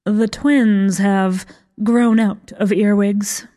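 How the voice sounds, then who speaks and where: Casting: a woman as a slow, drawling, condescending witch mother. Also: mid-range voice, steady tone, dark tone, natural voice. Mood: dismissive. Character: languid dark-haired witch mother.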